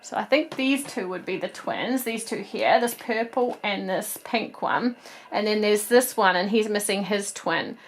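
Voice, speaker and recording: A woman's voice: medium pitch, unhurried. A woman in her thirties with a New Zealand accent, chatting casually and a bit ramblingly as she shows off toy finds. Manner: chatty, rambling, with frequent ums. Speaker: toy collector vlog host. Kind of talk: casual haul video chat.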